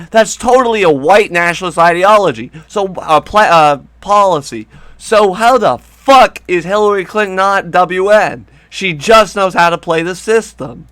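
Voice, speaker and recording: A man's voice: high voice, lively intonation, moderate pace, hardly any pauses, fairly bright tone, smooth, no room sound. A man hosting a crude, comedic commentary video, rambling and sarcastic, with frequent swearing. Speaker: commentary host.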